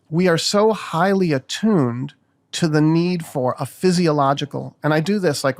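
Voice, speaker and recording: A man's voice: on the high side, gravelly. An older man speaking as a podcast guest, talking frankly and reflectively and swearing freely in casual conversation.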